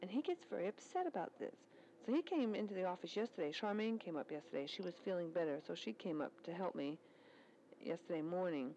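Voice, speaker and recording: Woman rambling on in a chatty spoken letter, lowish voice, faint hiss behind. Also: animated, fast, dark tone, highs cut off. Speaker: military service club staff worker. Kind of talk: spoken letter recorded on tape.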